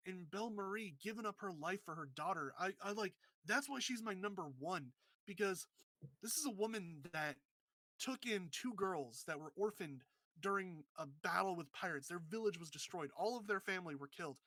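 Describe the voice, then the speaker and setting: A man with a bright, fairly high voice recaps a story on a casual podcast. He tells it with earnest feeling, and the sound is dry and close. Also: expressive, moderate pace, no echo. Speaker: podcast co-host.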